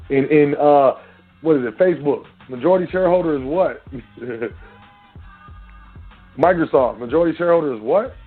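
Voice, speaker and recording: A man's voice: on the high side, quick pace, slightly rough. A man hosting an internet radio show, talking casually and preachily straight to his listeners. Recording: tinny phone-line sound with faint music.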